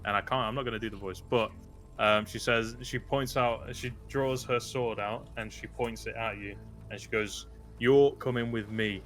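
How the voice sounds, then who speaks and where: A man's voice: lowish voice, steady tone, moderate pace, pushed and bright, faint music behind. A man narrating a tabletop role-playing game as game master, describing scenes with many ums and uhs. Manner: hesitant, filler-heavy narration.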